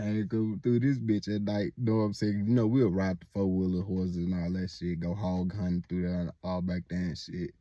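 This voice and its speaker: A man's voice: on the low side, fairly even intonation, normal speed, hardly any pauses, warm tone, no echo, clean studio sound. A young man casually telling a story, rambling and full of filler words and swearing.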